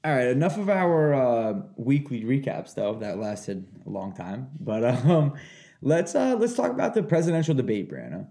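A man in his twenties hosting a podcast, rambling and animated as he chats. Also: mid-range voice, moderate pace. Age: 20s. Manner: rambling, animated, laughs easily. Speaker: podcast host. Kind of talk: casual chat.

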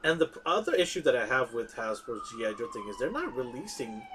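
A man's voice: medium pitch, huge pitch swings, fast talker, fairly bright tone, slight background noise. A man co-hosting a podcast in casual chat, emphatic, often restarting and repeating his words. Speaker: podcast co-host.

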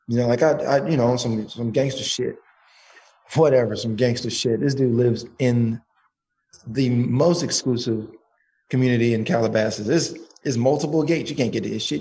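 A man telling a personal story in casual, slangy speech, animated and full of swearing, as a guest. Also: mid-range voice, normal speed.

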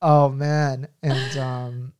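A man's voice: medium pitch, flat delivery, extremely slow, darkish tone, clean tone, dry recording, clean studio sound. A young man telling stories in casual chat, rambling and laughing, with lots of "like".

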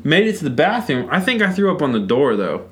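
A young man hosting a podcast, telling stories in casual, profane, animated chat. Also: a little high, a little fast. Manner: loose, profane, animated storytelling. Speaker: podcast host.

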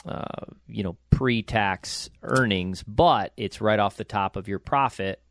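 A man's voice: on the low side, a little slow. A man hosting a casual finance podcast, chatty and upbeat with plenty of fillers. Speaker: podcast host.

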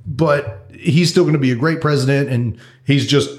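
A man's voice: medium pitch, normal speed. A man co-hosting a casual political talk show, earnest and hesitant, stumbling over restarts and fillers. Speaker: podcast co-host.

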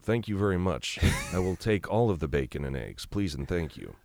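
A man doing a deadpan, nasal gruff boss. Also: low-pitched, fairly quick, no echo, exaggerated voice. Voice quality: nasal, flat, emotionless. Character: deadpan impression of a gruff male sitcom boss.

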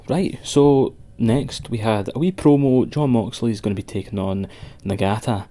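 Sweary Scottish man, low and mellow. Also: normal speed, few pauses, a little hiss or hum. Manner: sweary, rambling, laughs a lot. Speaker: podcast co-host. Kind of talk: casual podcast chat.

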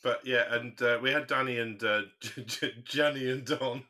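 A man's voice: mid-range voice, steady tone, normal speed, sharp tone. A man co-hosting a podcast, laughing easily and teasing his guest. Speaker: podcast co-host. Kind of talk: casual chat.

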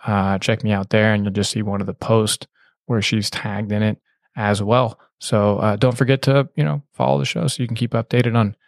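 A man's voice: fairly low pitch, level tone, normal speed, vocal fry, dry recording. A man hosting a podcast in casual chat, rambling and loose with lots of fillers. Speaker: podcast host.

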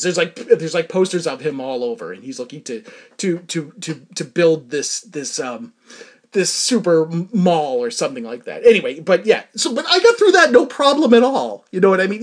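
A young man ranting casually and comically, exasperated and laughing often, with lots of fillers. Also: fairly high pitch. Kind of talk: casual comedic rant.

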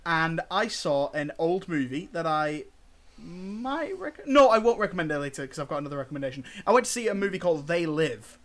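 A man's voice: a little high, expressive, a little fast, fairly bright tone. A man, co-hosting a podcast, chatting in a playful, jokey way. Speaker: podcast co-host. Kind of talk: casual chat.

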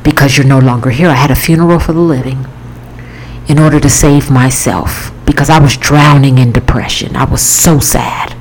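A woman's voice: a bass voice, steady tone, fairly quick, a little mellow, a little hiss or hum, rough recording. A woman author telling an emotional personal story to her viewers, earnest and repetitive as she talks it through. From Florida.

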